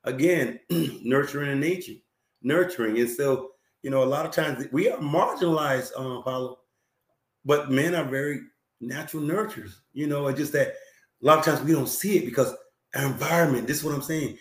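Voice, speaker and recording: A hoarse male talk show host with a lingering cough, speaking earnestly to viewers, repeating himself and using many fillers. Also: medium pitch, moderate pace, reverberant. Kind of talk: live-stream talk show, reading viewer comments.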